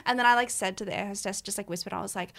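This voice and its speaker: A young woman co-hosting a podcast, rambling through a funny story in easy, casual chat. Her voice has a gravelly, fried edge. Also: mid-range voice, rapid-fire, a bit bright. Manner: chatty, storytelling, joking. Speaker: podcast co-host.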